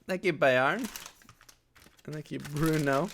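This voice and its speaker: A man's voice: a little high, vocal fry, fairly bright tone, a little hiss or hum. A man streaming live, chatting casually and reacting to viewer messages while gaming, his voice sounding sick.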